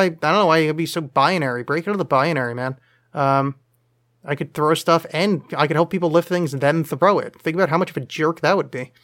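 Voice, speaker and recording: Male podcast host, a bit high-voiced, loose and jokey, lots of ums while answering listener questions. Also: a bit bright. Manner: rambling, self-deprecating, jokey, many fillers. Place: home studio, leaning over to check screen.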